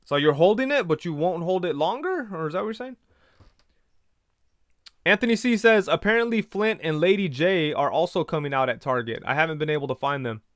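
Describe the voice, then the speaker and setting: A man's voice: on the high side, expressive, fairly quick, dry recording, studio quality. A man hosting a casual livestream, reading viewer comments and telling rambling stories with quoted back-and-forth. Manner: rambling storyteller, retells conversations in quoted voices. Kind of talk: casual chat.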